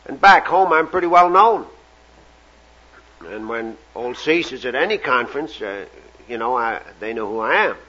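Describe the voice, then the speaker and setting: A man's voice: medium pitch, animated, normal speed, pushed and bright, husky, dull audio. A man from Canada, speaking at a recovery meeting in a folksy, self-deprecating storytelling way.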